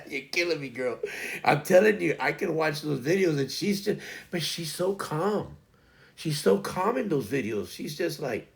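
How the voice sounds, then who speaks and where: Gravelly middle-aged man rambling on stream. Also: medium pitch, expressive, moderate pace. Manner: rambling, repeats words, many fillers. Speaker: livestream host. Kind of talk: casual chat to stream viewers.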